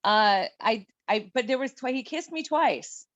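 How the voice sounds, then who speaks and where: A woman's voice: on the high side, a little slow, no echo, highs cut off. Chatty middle-aged woman telling a story. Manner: animated, laughing storyteller. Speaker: guest. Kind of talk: casual storytelling chat.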